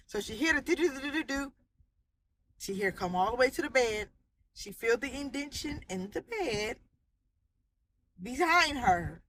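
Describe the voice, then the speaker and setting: Bright, animated woman telling a ghost story. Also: a little high, slight background noise. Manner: animated, vivid retelling with voiced quotes and sound effects. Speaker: storyteller sharing a haunting testimony. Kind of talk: casual spoken storytelling. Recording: audio cutting in and out.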